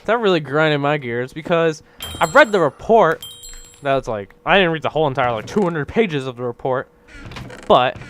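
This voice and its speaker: A young man with a voice on the high side complains while he plays, with slight background noise in the recording. As a gaming video creator, he rambles through an exasperated rant, forever asking "right?".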